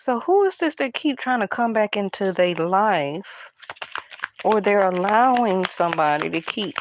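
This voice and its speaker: Slow, hushed woman tarot reader. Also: mid-range voice, expressive, highs cut off, noisy background. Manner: hushed, half-whispering, chatty aside asides. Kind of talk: casual tarot card reading.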